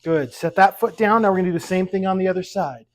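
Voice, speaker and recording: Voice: mid-range voice, quick pace. A fitness instructor leading a seated exercise class at home, counting reps aloud and coaching with light jokes. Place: at home with pets around.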